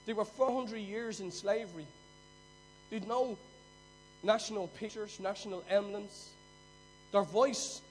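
A man delivers a sermon from the pulpit with a high-pitched voice. He presses his points with a repetitive, emphatic preaching cadence. Soft music plays faintly behind him. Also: poor audio. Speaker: pastor.

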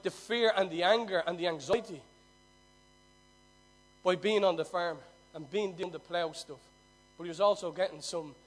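High-voiced man telling a parable. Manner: swings from loud emphasis to near-hushed telling. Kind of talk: sermon storytelling.

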